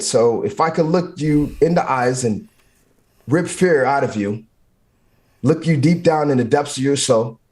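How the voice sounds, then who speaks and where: A man's voice: medium pitch, a little mellow. A man, a firefighter guest in an interview, giving motivational talk in short, repeated, punchy phrases.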